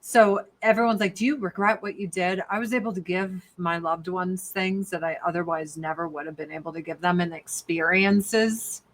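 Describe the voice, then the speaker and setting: A woman's voice: fairly low pitch, fairly even intonation, moderate pace, few pauses. A woman guesting on a podcast over a video call, talking candidly and joking, swearing freely. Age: older. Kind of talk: casual podcast chat. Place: rural home.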